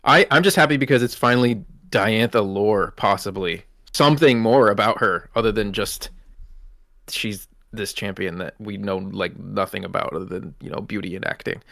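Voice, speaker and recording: A man's voice: on the low side, normal speed, gravelly, a bit bright, no echo, clean studio sound. A man co-hosting a podcast, speculating eagerly in casual chat. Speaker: podcast co-host.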